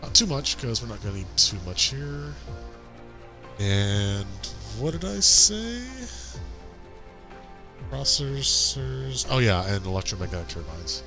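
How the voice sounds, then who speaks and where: A man's voice: mid-range voice, sing-song, slow, vocal fry, long pauses, music in the background. A man streaming a game, chatting casually and muttering to himself as he plays. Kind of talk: casual gameplay commentary.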